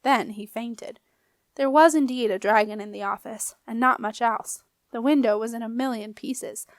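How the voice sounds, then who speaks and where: A woman narrating a children's fantasy audiobook in a clear, expressive manner. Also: a little high, normal speed, no room sound. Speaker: audiobook reader. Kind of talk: storybook narration.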